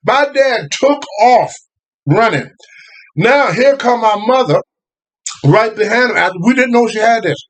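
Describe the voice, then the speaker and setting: An older man, telling family stories in a casual, animated way, often laughing. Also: extremely high pitch, unhurried. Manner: animated, laughing, Southern US phrasing. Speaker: guest storyteller. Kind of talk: casual storytelling.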